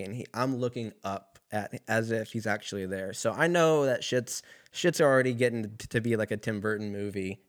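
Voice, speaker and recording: A young man casually telling a rambling, profane personal story, laughing in the middle of sentences. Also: on the low side.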